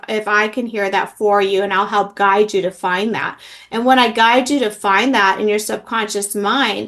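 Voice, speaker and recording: Middle-aged woman, a healing practitioner, earnest and filler-heavy, pitched a little high. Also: a bit bright. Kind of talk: interview, personal story.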